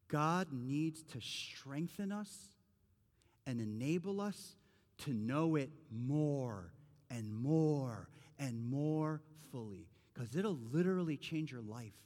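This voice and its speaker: A man's voice: fairly high pitch, animated, takes it slowly, a little mellow. A man in his forties, a pastor giving a sermon in a conversational, earnest way that builds to emphatic points. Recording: long reverb of a large hall.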